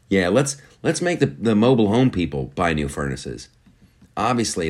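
A man's voice: lowish voice, big pitch swings, moderate pace, darkish tone. A man hosting a casual political commentary show, sarcastic and profane, mocking opponents in put-on voices.

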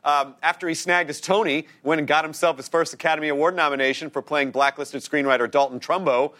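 A man hosting a studio talk show, excitable and quick, with frequent bursts of enthusiasm. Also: on the high side. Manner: excitable, fast, bursts into shouts and laughs. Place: TV studio with live audience.

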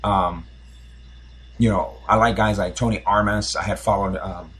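A man in his forties with a slightly low, husky voice tells a long story on a podcast. He rambles and restarts often, circling back with fillers as he goes. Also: steady tone, normal speed, fairly bright tone. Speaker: podcast host. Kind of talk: casual storytelling.

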